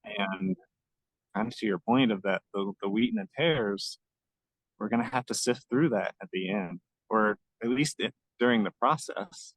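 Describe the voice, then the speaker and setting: A man co-hosting a podcast, explaining his ideas earnestly and gently in a casual conversation. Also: fairly low pitch, lively intonation, moderate pace, husky, no echo, poor audio. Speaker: podcast co-host.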